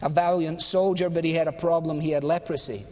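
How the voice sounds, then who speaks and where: A man's voice: a little high, steady tone, a little fast, darkish tone. A male preacher giving a sermon, telling a story in a conversational, wry and emphatic way. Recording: long hall reverb.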